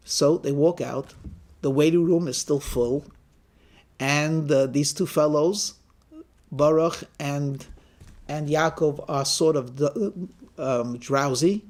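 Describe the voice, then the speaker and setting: Animated rabbi telling a story. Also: male voice, fairly high pitch, takes it slowly, pauses often. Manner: animated storyteller who acts out the characters' lines. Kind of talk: storytelling sermon.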